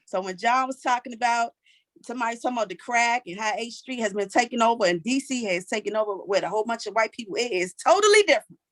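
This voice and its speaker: This comedian is a woman in her forties with a Washington, D.C. accent and a fairly high voice. She talks fast, stays sassy and animated, and keeps adding "okay?" to her lines. The recording is dry.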